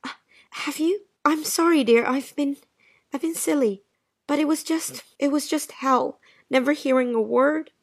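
A woman's voice: high-pitched, unhurried, no room sound, studio quality. A woman voicing Jean, an anxious, lovesick wife who pleads with her absent husband, in a dialogue drama reading. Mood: sad. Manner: pleading, breathless and emotional.

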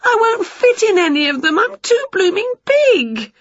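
A woman's voice: extremely high pitch, measured pace, no echo, lo-fi sound, pitched above the performer's own voice, heavily acted. A woman voicing a scatterbrained, cheerful witch in a read-aloud storybook. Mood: excited. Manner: excitable, exclamatory. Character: dizzy, cheerful middle-aged witch woman.

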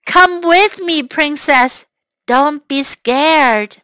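A woman's voice: high voice, drawn-out words, sharp tone, dry recording, exaggerated voice. A woman voicing a friendly male dragon in a kind, reassuring tone.

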